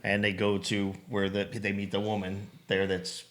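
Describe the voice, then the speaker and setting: A man co-hosting a casual movie podcast, retelling film scenes with lively quoted bits and easy laughter. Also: lowish voice, normal speed. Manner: animated storyteller, acts out scenes in quotes. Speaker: podcast co-host. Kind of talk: casual chat.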